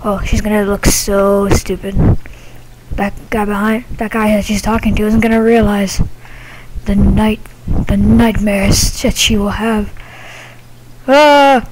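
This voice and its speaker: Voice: medium pitch, little pitch movement, unhurried, darkish tone, slight background noise, poor audio. A gamer giving casual play-by-play commentary, reacting to the game in a chatty, offhand way and sometimes dropping into a whisper.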